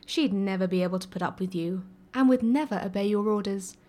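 A woman's voice: mid-range voice, fairly quick, mellow, close to an everyday voice. Woman reading a cocky young prince guy, smug and teasing, kinda lecturing. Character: arrogant young male prince, teasing and self-assured.

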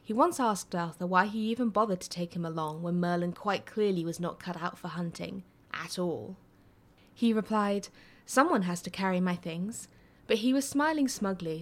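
A woman reading a story aloud in a steady, expressive way. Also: medium pitch. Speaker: story reader. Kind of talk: reading fan fiction aloud.

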